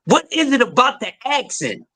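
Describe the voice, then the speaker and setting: A man's voice: extremely high pitch, very animated, normal speed, over a noisy crowd. A man co-hosting a casual boxing talk show, playful and teasing. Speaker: co-host.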